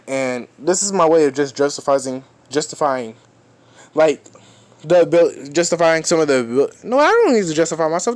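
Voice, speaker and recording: A man tells a fan story in a loose, rambling way, frequently backing up to restart his sentences. His voice is slightly high for a man and sing-song, at a normal speed, and he swears casually.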